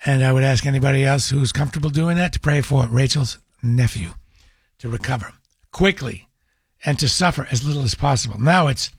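A man hosting a talk radio call-in show, speaking gently and sympathetically with callers into a studio microphone. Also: medium pitch, brisk, gravelly, slightly rough, no echo.

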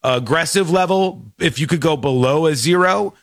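A man hosting a talk show, telling stories in a rambling, animated way with quick asides. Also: fairly high pitch, no echo, clean studio sound. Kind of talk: casual talk show chat.

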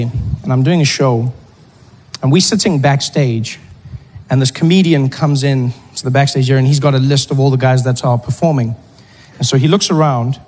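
A man's voice: medium pitch, a little mellow. A man from South Africa with a South African accent doing a stand-up comedy set, telling stories and slipping into other voices. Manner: storytelling, slips into other voices. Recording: long reverb, faint noise.

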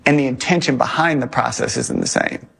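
Gravelly, husky man, earnest. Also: medium pitch, huge pitch swings, a little fast, a bit bright.

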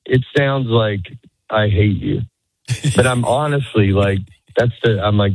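A man's voice: fairly low pitch, unhurried, dry recording. A stand-up comedian in his forties, chatting in a rambling way with lots of restarts and laughs, as a guest in an interview. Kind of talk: casual interview chat. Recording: tinny phone-like radio line, dry.

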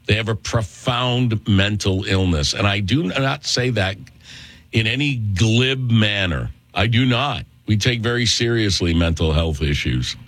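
A man hosting a political talk radio show, speaking in a sarcastic, mocking tone with sudden jumps up in pitch. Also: a bit bright, no echo.

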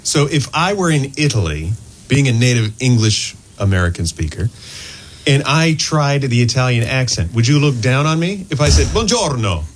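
Lively man co-hosting radio. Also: medium pitch, normal speed. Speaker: radio co-host. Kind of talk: casual radio chat.

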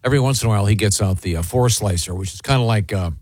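A man's voice: fairly low pitch, rapid-fire, darkish tone, no echo, studio quality. A man co-hosting a morning radio show, chatting in a rambling, hesitant way. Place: radio studio.

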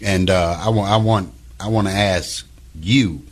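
A man's voice: sits low, unhurried. A man hosting a call-in radio talk show, speaking in an easygoing, slangy way and repeating words as he searches for them.

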